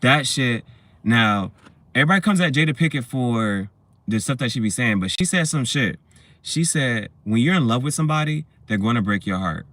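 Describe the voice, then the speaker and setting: A man's voice: mid-range voice, lively intonation, normal speed, fairly bright tone, no echo. A man casually reviewing a movie, rambling through scenes with plenty of swearing and laughter. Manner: rambling, profane, laughs while retelling scenes.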